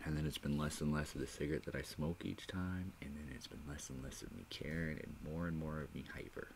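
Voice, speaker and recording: A man's voice: a bass voice, brisk, creaky, a little hiss or hum. A man hosting a solo podcast, rambling in a scattered, self-mocking way. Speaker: podcast host. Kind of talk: rambling solo comedy monologue.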